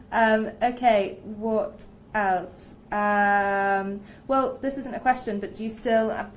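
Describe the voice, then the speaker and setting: A woman at an ordinary mid pitch works as an interviewer, reading out fan questions. She teases her guest playfully and laughs often, with faint noise behind her. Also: steady tone, slow pace. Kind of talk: casual interview chat.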